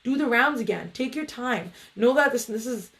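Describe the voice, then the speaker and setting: A woman's voice: fairly high pitch, expressive, normal speed, fairly bright tone. A woman meditation coach talking casually to viewers on a livestream, in a loose, chatty way with many fillers.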